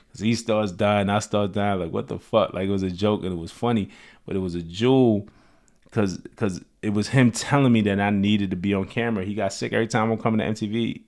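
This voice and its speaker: A man hosting a show, telling personal stories in a relaxed, loose way, full of "like" and "you know.". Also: low-pitched. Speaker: host. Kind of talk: casual storytelling.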